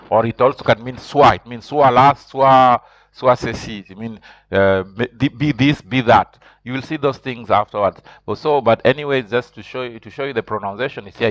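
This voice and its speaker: Halting low-voiced man teaching French. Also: fairly bright tone, no room sound. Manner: halting, many fillers and restarts, asks "huh?" often. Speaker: language teacher. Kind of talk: online French lesson. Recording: slightly dull lo-fi recording.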